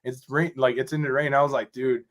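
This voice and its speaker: Speaking at a brisk clip with a medium-pitched voice, this Rochester, New York drummer is a podcast guest spinning a story. The talk is a casual storytelling interview, and his delivery is rambling and lively, peppered with "you know what I'm saying."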